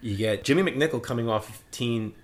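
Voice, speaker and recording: A man with a mid-range voice, talking a little fast, co-hosts a podcast and reviews a film at length. He rambles, swears freely, and is opinionated throughout the casual conversation.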